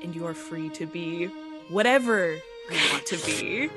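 A woman narrating as game master, soft and hesitant with many fillers. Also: lowish voice, lively intonation, a little slow, music in the background.

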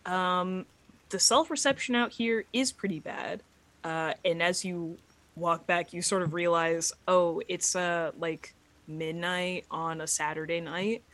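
A woman narrating as game master, soft and hesitant with many fillers. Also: lowish voice, steady tone, measured pace.

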